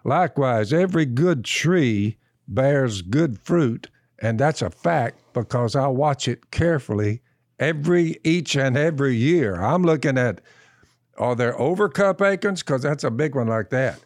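A man speaks at a mid pitch, unhurried and folksy. He keeps stringing his story along with "I said," as if teaching from the pulpit. The sound is dry and close, with no room echo. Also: lively intonation. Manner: slow, drawn-out storyteller who keeps repeating "I said". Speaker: podcast co-host.

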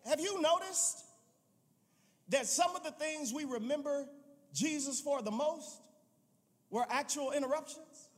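A male pastor preaching a sermon, telling the story with animated, playful asides and building to emphatic calls. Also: very high-pitched, measured pace, long pauses. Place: church sanctuary. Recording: long reverb in a large sanctuary.

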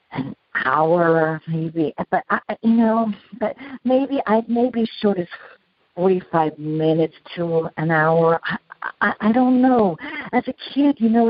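A middle-aged woman recounting a past ordeal in an interview, halting, with many restarts and fillers. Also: mid-range voice, dry recording. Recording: dull, lo-fi sound.

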